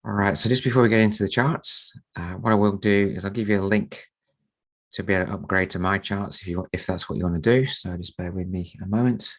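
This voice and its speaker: A low-pitched man hosts a live trading webinar. His voice is croaky from a sore throat, and he talks softly on purpose to save it. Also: brisk. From Australia. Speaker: market strategist and trading mentor.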